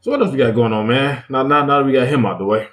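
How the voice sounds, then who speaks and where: A man's voice: mid-range voice, quick pace. Slangy, emphatic male podcast co-host. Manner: emphatic, repeats words, slangy. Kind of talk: casual studio banter. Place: podcast studio.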